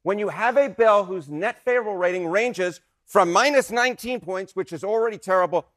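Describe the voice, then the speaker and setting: Male TV commentator, high voice, punchy, repeats words for emphasis. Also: brisk, a bit bright. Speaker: news commentator. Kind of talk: energetic poll analysis segment.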